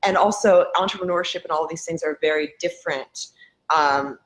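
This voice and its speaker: A woman's voice: deep voice, a little fast, poor audio. Earnest woman in her thirties on a panel. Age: 30s. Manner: reflective, earnest, builds points with repetition. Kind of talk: casual panel discussion.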